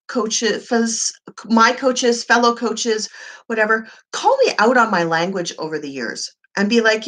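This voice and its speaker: A woman life coach talking to camera in a slightly husky, fairly high voice. Her pitch rises and falls a lot as she makes her points. She speaks slowly and emphatically, repeating herself and asking the listener questions. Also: a bit bright. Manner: emphatic, repetitive and encouraging, with rhetorical questions. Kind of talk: motivational talk to camera.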